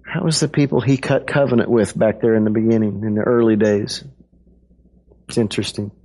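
A man's voice: fairly low pitch, steady tone, a little fast, darkish tone. A man preaching a sermon to a congregation in a conversational, playful way, acting out quotes with his voice. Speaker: pastor.

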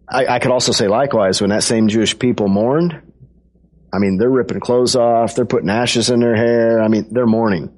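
A man's voice: mid-range voice, darkish tone. Playful, chatty man preaching. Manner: conversational and playful, acts out kids' voices. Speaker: pastor. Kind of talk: sermon.

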